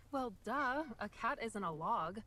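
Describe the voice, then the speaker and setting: An actress playing a kind young heroine in a story game, speaking gently and with light teasing. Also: female voice, a little high, animated, slow pace, exaggerated voice.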